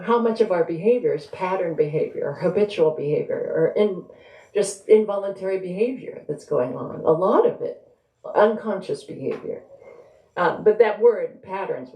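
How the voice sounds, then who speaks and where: Woman author, mellow, echoing room. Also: on the low side. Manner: conversational, thinking aloud. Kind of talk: live bookstore reading and talk. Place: bookstore event space. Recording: roomy echo.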